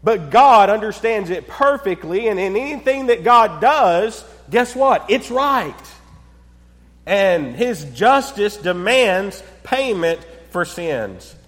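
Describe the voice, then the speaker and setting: A man delivers a sermon in a voice pitched well above most men's, and the room carries a long, ringing reverb. He pauses for effect and sinks to a near-hush on his key points. He keeps asking the congregation rhetorical questions. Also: big pitch swings. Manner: preaching with dramatic pauses, dropping to a low hush on key words. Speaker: pastor.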